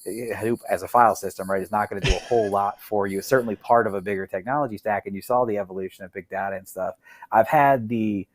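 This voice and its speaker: A middle-aged man, a guest in a casual interview, making animated, opinionated points and tagging them with "right?". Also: on the low side, fast talker, no room sound.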